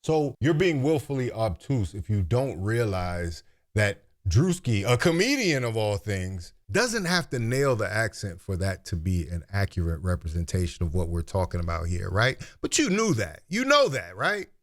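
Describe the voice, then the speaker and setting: A man's voice: on the low side, sing-song, normal speed. A man hosting commentary, making a pointed, rhetorical argument. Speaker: commentary host.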